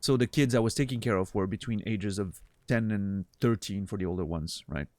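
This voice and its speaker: A young Swiss man streams a game and chats casually with viewers, laughing and swearing often. His voice is on the low side and a little mellow, fairly quick, and recorded with no echo.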